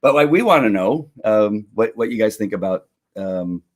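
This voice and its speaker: A man's voice: fairly low pitch, lively intonation, moderate pace. A middle-aged man hosting a casual livestream, rambling with lots of restarts and chuckles. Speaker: host of a faith and politics livestream.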